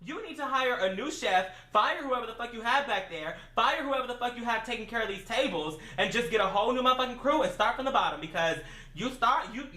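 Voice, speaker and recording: A woman vlogger telling a storytime rant in a sassy, profane, animated way, acting out both sides of the exchange. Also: fairly high pitch, a little fast. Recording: roomy echo.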